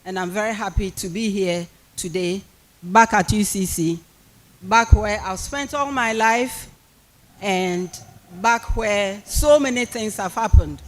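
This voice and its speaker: A man's voice: high-pitched, slow. A man with a Ghanaian accent giving a public speech and reading a prepared address at a university policy lecture, with emphatic, repeated phrasing. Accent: Ghanaian English. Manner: emphatic, repetitive oratorical phrasing.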